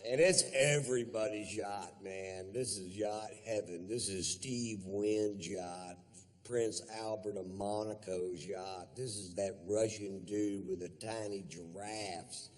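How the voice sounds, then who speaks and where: A male stand-up comedian with a somewhat low voice tells a long story. His delivery is laid-back and rambling, full of profanity and fillers. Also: steady tone, takes it slowly, a little mellow.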